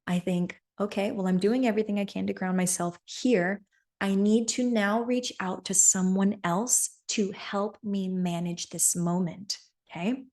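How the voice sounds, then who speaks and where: A woman's voice: mid-range voice, steady tone, unhurried, a little mellow. A woman podcast host telling a personal story in an earnest coaching manner, often checking in with "right?".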